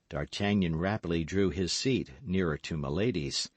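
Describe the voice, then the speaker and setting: A man narrating a classic novel as an audiobook in a measured, unhurried manner. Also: sits low, no echo. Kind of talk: scripted narration.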